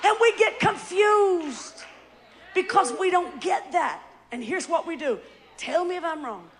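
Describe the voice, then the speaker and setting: A woman preaching a sermon, emphatic and often shouting, who calls the congregation to answer her back. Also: very high-pitched, animated, measured pace, a little hiss or hum.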